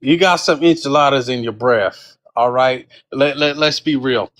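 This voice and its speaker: A man's voice: medium pitch, normal speed, fairly bright tone. A man calling into a livestream, arguing politics in a combative, slangy, taunting way. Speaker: caller on a livestream. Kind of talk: heated political debate.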